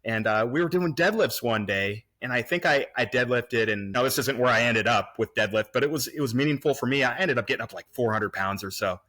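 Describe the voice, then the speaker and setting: Remote podcast guest: a bright-toned man in his forties, rambling and restarting as he reminisces. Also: mid-range voice, a little fast, few pauses. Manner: rambling, many restarts and fillers. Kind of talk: casual reminiscing conversation. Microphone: remote recording.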